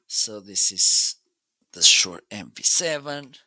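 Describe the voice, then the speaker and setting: A man's voice: lowish voice, lively intonation, slow pace, bright, forceful tone. A man hosting a casual live shopping stream at his desk, chatting unhurriedly as he tests microphones by counting and saying hello. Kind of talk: casual product demo. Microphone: desk microphones being tested.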